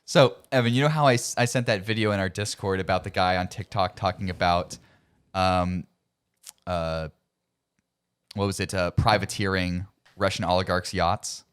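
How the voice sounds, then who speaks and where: A man's voice: low voice, steady tone, normal speed, clear, resonant tone. A man co-hosting a podcast, rambling through stories and laughing as he retells scenes. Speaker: podcast co-host. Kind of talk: casual chat.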